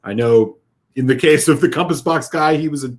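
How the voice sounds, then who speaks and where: A man's voice: fairly high pitch, a little fast. A man co-hosting a casual whisky chat, telling a heartfelt, rambling story with lots of fillers. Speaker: whisky podcast co-host.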